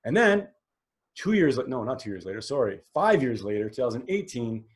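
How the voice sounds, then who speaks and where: Brisk and sing-song, the mid-range voice belongs to a man in his forties hosting a podcast solo. He talks openly and rambles, frequently filling pauses and starting over.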